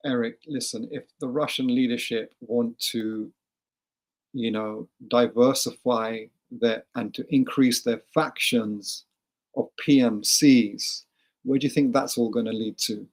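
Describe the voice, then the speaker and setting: A man from India, a guest commentator on a political livestream, animated and incredulous, repeating words when he gets worked up. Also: medium pitch, unhurried.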